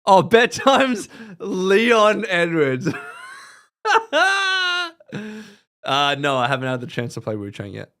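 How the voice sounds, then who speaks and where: Animated man chatting on a livestream. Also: sits high, slow, long pauses, clean tone. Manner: animated, laughs often, trails off and restarts. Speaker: podcast host. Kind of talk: casual live-stream chat.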